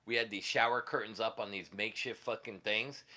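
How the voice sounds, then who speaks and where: A guitarist hosting a casual livestream tells rambling, profane stories from his years as a musician and laughs at them. His voice is on the low side, pushed and bright, fairly quick, with fairly even intonation.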